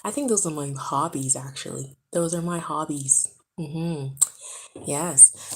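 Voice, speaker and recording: A tired woman vlogging from home, chatting to the camera in a hushed, low voice so she does not wake a sleeping baby. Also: slow pace, poor audio. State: tired from being awake too long. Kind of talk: casual chat to camera. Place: home, indoors. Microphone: camera close up.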